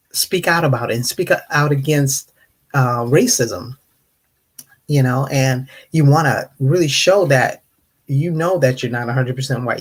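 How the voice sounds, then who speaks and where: Slightly tipsy, this American host of a live online discussion panel chats casually with viewers, greeting them and answering questions. The voice is mid-range with a breathy edge, and the storytelling is animated, acting out others' rude questions in mocking voices.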